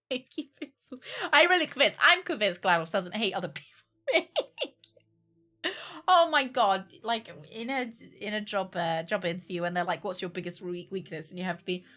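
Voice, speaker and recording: A woman's voice: medium pitch, animated, normal speed, pushed and bright. A young woman streaming a game, chatting casually and joking with frequent laughter. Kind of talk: casual chat while gaming. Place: home room.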